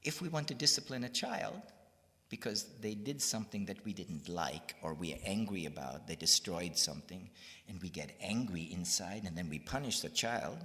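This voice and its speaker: A man's voice: low voice, normal speed. An older man from California, telling stories and teaching in a satsang, in a reverberant hall. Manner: animated storyteller. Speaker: spiritual teacher. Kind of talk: satsang storytelling.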